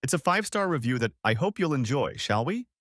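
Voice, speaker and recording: A man's voice: medium pitch, sing-song, a little fast, a bit bright, dry recording, studio quality. A man voicing a charming, wealthy male film star with a thick French accent. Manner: suave, courteous.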